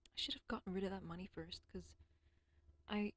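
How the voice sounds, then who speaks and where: A woman's voice: mid-range voice, a little fast, a little mellow. A woman rambling alone on a casual stream, swearing often, stumbling over words and dropping into whispers now and then. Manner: rambling, profane, self-deprecating.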